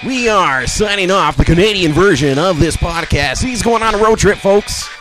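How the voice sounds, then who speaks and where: A brash male radio DJ, as a man puts on his radio voice, all booming announcer swagger and crude jokes. He pushes every line out loud and bright, selling it to the listeners. Behind him a little background music plays. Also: animated, moderate pace. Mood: hyped.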